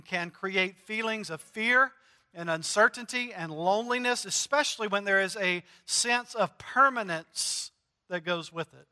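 Preacher guy, middle-aged, high bright voice, chatty sermon full of uhs, church echo. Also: a little slow, clear, resonant tone. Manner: conversational preaching with frequent "uh" fillers and humor. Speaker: pastor. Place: church sanctuary.

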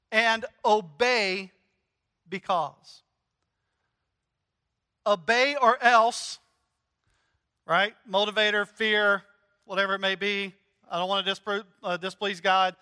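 A male pastor preaching a sermon in a conversational, animated way, mixing in jokes. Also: high voice, smooth. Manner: conversational, animated, joking storyteller. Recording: long hall reverb.

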